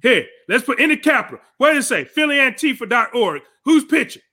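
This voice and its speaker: A male podcast host with a very high, bright, piercing voice rants angrily and profanely about politics, often shouting. His heated, combative delivery is sing-song and fairly quick throughout.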